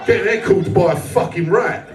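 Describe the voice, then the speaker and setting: A man's voice: sits high, normal speed, music in the background. A British man in his forties doing live stand-up on a club stage, telling a crude story full of swearing. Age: 40s. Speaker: stand-up comedian. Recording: echoey club from far off. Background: laughing crowd.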